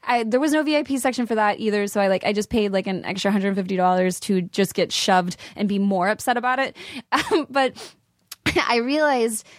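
A woman's voice: mid-range voice, brisk, dry recording, studio quality. A young woman chatting casually as a podcast guest, telling a story with lots of acted-out quotes and frequent laughter. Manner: animated storyteller, acts out quotes, laughs often. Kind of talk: casual chat.

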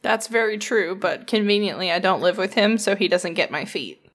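A woman's voice: medium pitch, normal speed. A woman co-hosting a podcast in casual chat, chiming in with short, sympathetic reactions. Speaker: podcast co-host.

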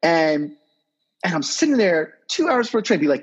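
A sports agent in his thirties tells stories as a podcast guest, rambling casually and swearing now and then. His slightly high voice is very animated with a breathy edge, at normal speed, and the sound is lo-fi.

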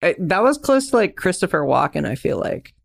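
A young adult podcast co-host talks casually and wanders into eager, rambling tangents. The voice has a strong gravelly fry and sits mid-pitch. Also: very animated, fairly quick. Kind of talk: casual chat.

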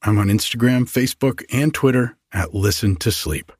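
A man hosting a sleep podcast, narrating a bedtime fairy tale in a calm, gentle way. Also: medium pitch, normal speed, husky, dry recording, clean studio sound. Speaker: podcast host and storyteller. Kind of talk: slow bedtime story narration.

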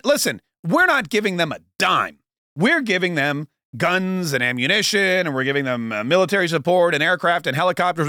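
A man's voice: sits high, sharp tone, no room sound, studio quality. Sarcastic rambling male podcast host. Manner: sarcastic, rambling, with mocking asides. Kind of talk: casual political commentary.

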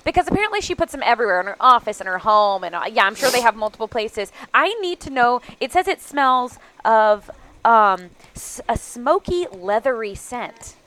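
Chatty woman co-host, higher voice. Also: sing-song, normal speed, a bit bright. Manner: chatty, rambling with restarts and laughs. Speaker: podcast co-host. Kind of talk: casual chat. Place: on location at a sewing store.

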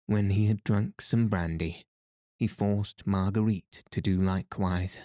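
Slow, soothing male bedtime narrator. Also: lowish voice, steady tone, dark tone, no room sound, studio quality. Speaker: podcast narrator. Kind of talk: bedtime story reading.

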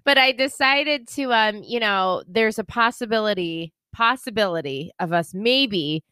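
A woman's voice: mid-range voice, expressive, measured pace, bright, forceful tone, clear, resonant tone, no room sound, studio quality. A woman co-hosting a podcast in casual chat, rambling and laughing often, with casual swearing. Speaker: podcast co-host.

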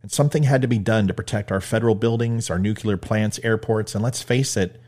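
A man's voice: on the low side, fairly quick, darkish tone. A man hosting a commentary show, delivering an emphatic, punchy opinion monologue. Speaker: host.

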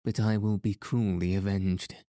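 A man reading the part of a mocking, sharp-tongued young lady in a storybook, speaking in old-fashioned words. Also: low voice, fairly even intonation, a little slow, no room sound, clean studio sound. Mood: teasing. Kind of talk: audiobook reading.

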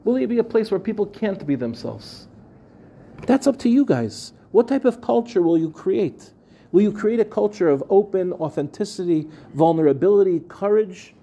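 Bright-voiced rabbi teaching a lively class. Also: male voice, sits high, moderate pace, creaky, slightly rough. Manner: conversational, asks the room questions, repeats phrases. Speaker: rabbi giving a Torah class. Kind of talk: lively spoken Torah class. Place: room with a live audience.

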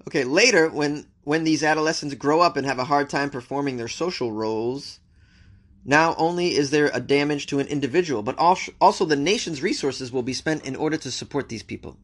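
A man's voice: a little high, brisk, a bit bright. Wry joking man hosting news. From United States. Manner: wry, joking, talks back to the news he reads. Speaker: news show host. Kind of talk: casual news commentary.

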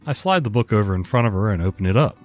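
Male host, low-pitched and nasal with a cold, lively story read, wry tone, soft guitar behind. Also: rapid-fire. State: stuffy nose from a cold. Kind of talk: reading a story aloud.

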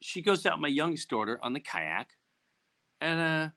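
This middle-aged podcast host has a fairly high voice and keeps a moderate pace while casually telling a story. Animated throughout, he acts out the voices of those he quotes.

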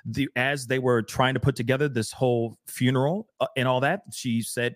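A man's voice: medium pitch, moderate pace, dry recording, studio quality. A man co-hosting a casual talk show, speaking emphatically and repeating phrases for emphasis. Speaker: podcast co-host. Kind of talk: casual discussion.

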